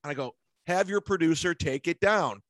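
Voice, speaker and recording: A man's voice: a little high, normal speed, fairly bright tone, no room sound. A man hosting a casual comedy podcast, telling stories bluntly with lots of swearing and mocking impressions of people. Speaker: podcast host.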